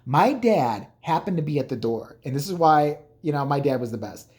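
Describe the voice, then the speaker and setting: A man's voice: a little high, expressive, moderate pace, darkish tone. A man vlogging casually, telling rambling, profane, joking stories about his family. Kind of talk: casual storytelling.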